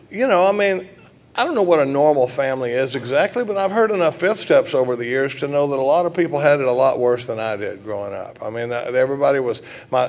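A man's voice: mid-range voice, creaky. A middle-aged man from Texas, giving a folksy, joking talk to a recovery group with many halts and restarts. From Dallas, Texas. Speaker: recovery meeting speaker.

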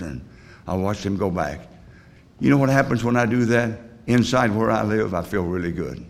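A man's voice: lowish voice, expressive, moderate pace, gravelly. An older man telling his personal recovery story to a group in a rambling, blunt way, full of fillers and restarts. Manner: plain, blunt working-class talk. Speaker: recovery meeting speaker.

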